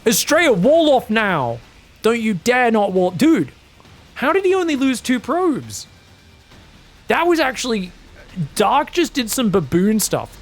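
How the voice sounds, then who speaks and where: A man giving solo commentary on a strategy game match, excitable and chatty, bursting into shouted reactions and talking straight to his viewers. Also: very high-pitched. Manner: chatty asides, addresses viewers as guys. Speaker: esports caster.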